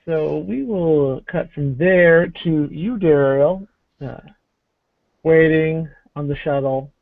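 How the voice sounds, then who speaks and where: A man narrating a tabletop game as game master, halting with many fillers. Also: fairly high pitch, creaky, no echo. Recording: tinny phone-like call audio.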